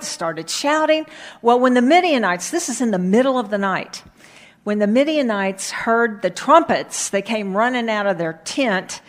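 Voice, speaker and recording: A middle-aged woman, a children's pastor, telling a Bible story and her own testimony to children in a lively way, then praying gently. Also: on the high side.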